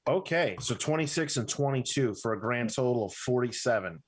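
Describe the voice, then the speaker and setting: A man narrating a tabletop game as its game master, describing scenes slowly and deliberately. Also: medium pitch, expressive.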